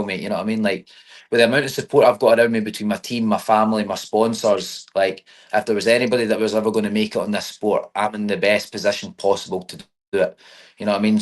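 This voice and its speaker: Fast-talking young Scottish man, low voice. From Scotland. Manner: chatty, says mate and you know what I mean often. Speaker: MMA fighter. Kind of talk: casual interview.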